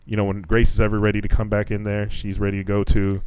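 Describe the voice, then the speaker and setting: A man co-hosting a casual podcast chat, an animated storyteller who jumps way up in pitch when acting out quotes. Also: fast talker, smooth, no echo. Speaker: podcast co-host; English teacher at junior high schools.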